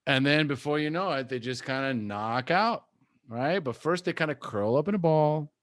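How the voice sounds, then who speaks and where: A man coaching a recovery group, talking gently and softly demonstrating soothing self-talk. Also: fairly high pitch, lively intonation, moderate pace.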